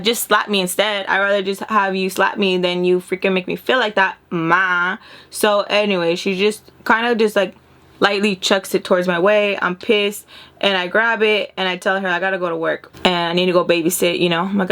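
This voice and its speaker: A young woman vlogger telling a long personal story in casual chat, candid and animated, swearing freely and acting out what others said. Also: medium pitch, fairly quick.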